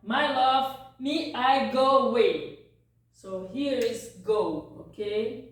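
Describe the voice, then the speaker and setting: Brazilian-accented woman, native Portuguese speaker, very slow patient lesson, high voice, echoey room and distant mic. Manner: patient, repeats words, frequent "ok?" checks. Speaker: language teacher. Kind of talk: slow song-lyric vocabulary lesson.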